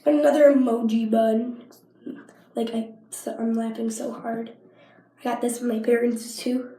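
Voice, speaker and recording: A woman's voice: on the high side, flat delivery, moderate pace, mellow. Sick, coughing teen girl vlogging. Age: teens. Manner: chatty, rambling, with frequent coughs and likes. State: sick with a cough and sinus infection. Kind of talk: casual show-and-tell vlog. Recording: echoey room.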